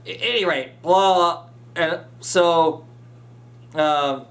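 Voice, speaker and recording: A man's voice: on the high side, extremely slow, a bit bright. Rambling man recapping a comic. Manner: rambling, many fillers and restarts. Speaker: podcast host. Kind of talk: casual chat recapping a comic.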